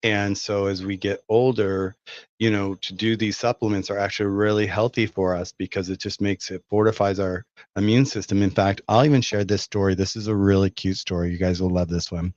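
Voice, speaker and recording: A man's voice: fairly low pitch, level tone, brisk, darkish tone, no room sound, highs cut off. A man hosting a casual live stream, chatting and answering viewer questions. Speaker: host of a live stream selling pet herbal products.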